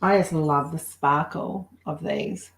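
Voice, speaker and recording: A woman's voice: deep voice, slow pace. Chatty woman in an echoey room. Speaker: host of an art livestream. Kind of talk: casual chat while painting on a livestream. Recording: roomy with faint background noise.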